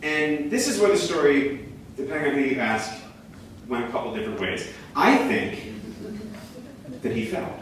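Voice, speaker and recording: Animated young man telling a story on stage. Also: mid-range voice, moderate pace, slight background noise. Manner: animated, rising to near shouts at peaks. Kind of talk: live comic storytelling on stage. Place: small theater stage. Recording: echoey room from a distance.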